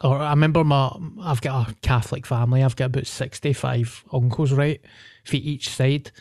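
A man's voice: mid-range voice, steady tone, normal speed, darkish tone, no room sound. Blunt Scottish man, dry close sound. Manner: blunt, sweary, laughs through his stories. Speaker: podcast co-host. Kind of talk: casual banter.

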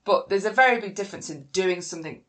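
A woman's voice: medium pitch, fast, fairly bright tone. Woman host, casual podcast chat, candid and sweary delivery.

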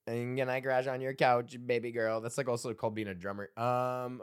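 A man's voice: medium pitch, normal speed, smooth. A man in his thirties hosting a solo comedy podcast, reading out old jokes, rambling and swearing, laughing at his own material.

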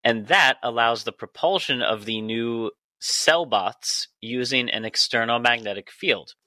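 Calm deadpan man with a bright voice. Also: medium pitch, a little slow, no echo. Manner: calm, deadpan, dry humor. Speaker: podcast host. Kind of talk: casual chat.

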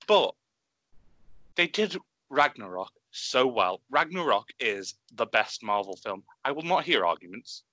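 A man with a bright, forceful voice, talking fast and eagerly. The sound is close and dry, with no room around it. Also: mid-range voice, no room sound. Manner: excitable, swearing, animated. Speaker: podcast co-host. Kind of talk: enthusiastic casual chat.

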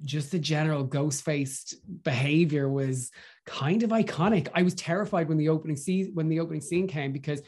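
An Irish man, a podcast guest, chatting in an animated, gushing way and stumbling over his words as he gets excited. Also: on the high side, fairly quick. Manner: gushing and animated, with lots of restarts. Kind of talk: casual film review chat.

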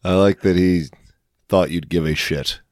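Brief: casual podcast co-host, man, laid-back joking banter, very low voice, dry close mic. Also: steady tone, unhurried, darkish tone, no room sound. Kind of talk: casual chat.

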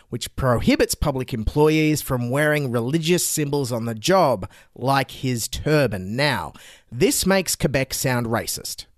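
A man's voice: mid-range voice, no room sound, studio quality. A man hosting a comedy news show, delivering satirical political commentary in a sarcastic, mocking tone.

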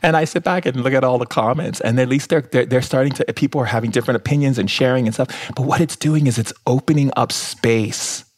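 A man's voice: mid-range voice, quick pace, few pauses. A young man as a guest in a casual interview, talking effusively with lots of "like" and "oh my God".

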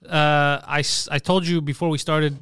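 A brash man with a notably high voice ribs his friends in casual podcast banter. He mocks and swears freely. The close mic sounds dry and intimate. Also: flat delivery, moderate pace, fairly bright tone, clear, resonant tone, no echo. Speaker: podcast co-host.

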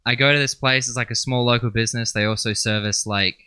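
A man's voice: mid-range voice, fairly even intonation, fast talker, pushed and bright, clean tone, no echo. A man co-hosting a casual podcast, telling a rambling, sarcastic story full of swearing. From Western Australia. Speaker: podcast co-host. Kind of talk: casual chat.

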